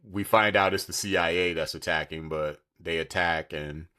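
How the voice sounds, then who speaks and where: A man's voice: deep voice, normal speed. A man co-hosting a podcast, chatting casually about a TV series and breaking into voices to act out quotes. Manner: animated, jumps into voices for quotes. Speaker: podcast co-host. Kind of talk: casual TV review chat.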